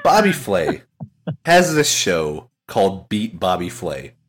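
A man chatting casually on a podcast, his voice leaping up and down in pitch as he acts out a story. He swears freely and slips into quick impressions of the people he describes, often breaking into laughter. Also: huge pitch swings, breathy edge.

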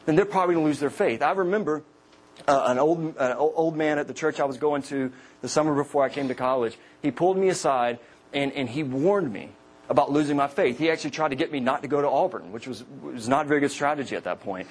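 Husky storytelling man preaching. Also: a little high, fast. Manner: joking storyteller, animated quoted voices. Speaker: campus minister. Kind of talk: sermon to college students.

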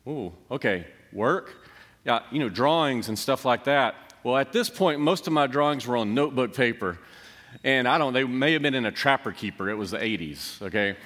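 A middle-aged pastor preaches a sermon in a church sanctuary, recounting a personal story in a conversational, self-deprecating way, with the long reverb of a church hall around him. His mid-range voice is slightly bright, with lively intonation at normal speed.

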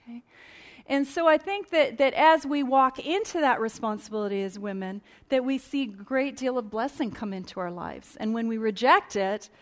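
A woman's voice: a little high, normal speed. A woman giving a conversational teaching talk at a conference, earnest and chatty, often restarting her sentences and adding asides. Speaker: conference speaker. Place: conference hall stage.

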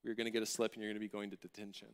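A man voicing a stern but kind woman who teaches middle school English, speaking slowly and solemnly. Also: fairly high pitch, a bit bright, smooth, big-room sound. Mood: stern, hushed.

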